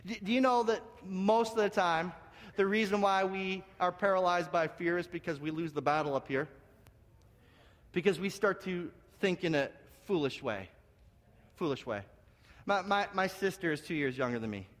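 Canadian pastor guy, high voice, animated storytelling sermon, church hall reverb. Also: moderate pace. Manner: animated, repeats words and restarts, shifts from hushed to loud. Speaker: senior pastor. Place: church sanctuary.

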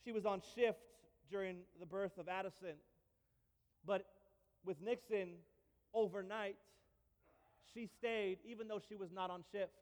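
High-voiced male pastor preaching. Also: unhurried, long pauses, long reverb tail. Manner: animated storytelling with repeats and humor. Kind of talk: sermon.

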